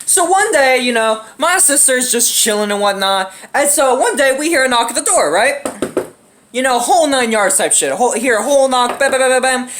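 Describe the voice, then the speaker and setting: A woman's voice: high-pitched, lively intonation, brisk, a bit bright, a little hiss or hum. A young woman telling a casual storytime vlog story, rambling and profane, full of "right?" and "you know" fillers. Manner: acts out quoted lines in shifted voices.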